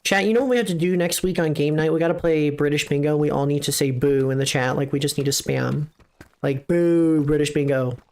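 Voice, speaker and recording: A young woman streaming a game live, chatting casually with her viewers, excitable and swearing, often jumping into high squeals. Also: brisk.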